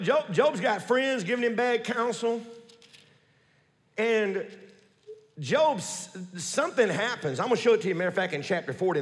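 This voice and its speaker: A man preaching a sermon in a church, animated and folksy, with joking asides to the congregation. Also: high-pitched, in a large hall. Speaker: pastor.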